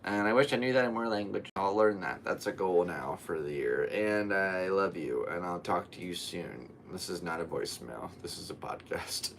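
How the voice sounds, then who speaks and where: A man's voice: low voice, expressive, normal speed, creaky, hardly any pauses, fairly bright tone, a little hiss or hum. Tired young man rambling on his podcast. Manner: rambling and tired, with goofy voices and playful yelps. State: worn out, yawning. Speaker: podcast host. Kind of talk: solo podcast chat.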